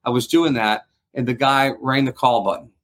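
A man's voice: medium pitch, fairly even intonation, moderate pace, a bit bright. A middle-aged man, a guest ventriloquist and magician, telling rambling anecdotes in a casual interview. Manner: rambling anecdotes with acted-out quotes.

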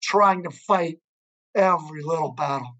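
A man's voice: fairly high pitch, measured pace, a bit bright. A male podcast host talks earnestly in a conversational interview. He leans into storytelling and repeats phrases as he works through a point.

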